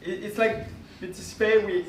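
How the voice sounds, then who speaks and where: A man presents at a conference with a fairly high voice. He talks in a halting way, with many fillers and restarts. The sound is roomy and distant, with faint room noise behind him. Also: fairly even intonation. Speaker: conference speaker. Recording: echoey room, voice from far off.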